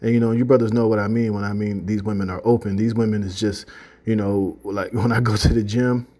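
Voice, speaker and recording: A man's voice: lowish voice, little pitch movement, brisk, mellow. A man giving a loose, conversational religious testimony to his listeners, full of "you know" and "man". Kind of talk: casual spoken testimony.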